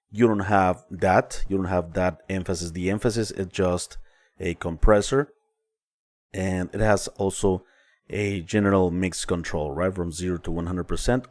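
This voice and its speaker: Low-voiced man hosting a plugin livestream. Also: no echo. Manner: relaxed, explaining with frequent fillers and restarts. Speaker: music production livestream host. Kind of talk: casual live-stream plugin demo.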